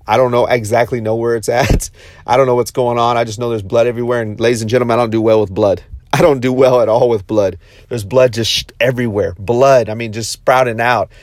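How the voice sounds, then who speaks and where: A man in his thirties telling a story to his viewers, intense and excitable, often repeating and restarting his phrases. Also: medium pitch, no room sound, studio quality. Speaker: motivational vlogger.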